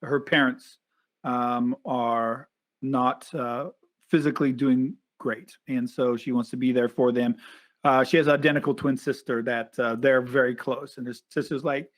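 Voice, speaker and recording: A man's voice: medium pitch, a little slow. A man hosting a podcast, telling a story in casual chat and acting out the voices of the people in it. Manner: lively storyteller who acts out quoted voices. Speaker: podcast host.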